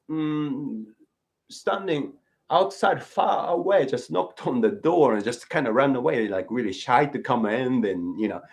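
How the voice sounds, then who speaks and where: A man teaching rakugo in an informal lesson, unhurried and full of fillers. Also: fairly low pitch.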